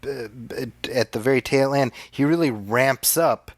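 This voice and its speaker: A man's voice: mid-range voice, no echo. A man co-hosting a podcast, casually discussing a movie, agreeing readily and laughing at the darker jokes. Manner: chatty, agreeable, quick laughs. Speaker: podcast co-host.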